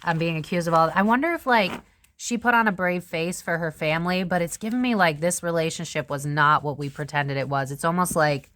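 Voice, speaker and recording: A young woman hosting a casual tarot reading, chatty and animated, swearing freely as she talks through the cards. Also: lowish voice, a little fast. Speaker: tarot reader host.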